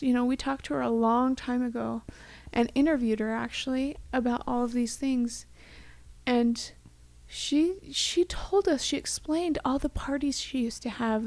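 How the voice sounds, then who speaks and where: A young woman co-hosts a podcast in a loose, rambling way, with plenty of fillers. Her voice sits a bit high, with a gravelly vocal fry running through it, and she sounds tender and close to tears. The recording is dry and close, with almost no room sound. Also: a little mellow, no echo. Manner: chatty, rambling with many "like"s. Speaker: podcast co-host. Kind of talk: casual chat.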